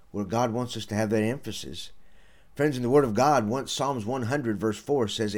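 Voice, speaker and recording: A man's voice: lowish voice, darkish tone. A man hosting a radio sermon, earnest and folksy, calling his listeners friends. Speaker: radio preacher and podcast host.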